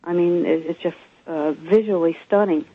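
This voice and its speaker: A man calling into a radio show, chatting in a folksy, opinionated way with halting repeats. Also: a little high, slightly rough. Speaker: caller. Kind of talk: casual phone-in chat. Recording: tinny phone line.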